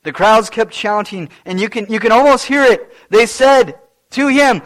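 A man preaching a sermon in a dramatic way, swelling to loud emphasis and then dropping low. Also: animated, normal speed.

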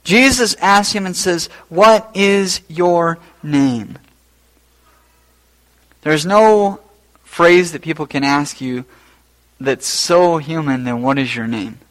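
A man preaching a sermon as pastor, rising to loud emphatic peaks and then dropping low and quiet. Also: lively intonation, slow, pauses often, poor audio.

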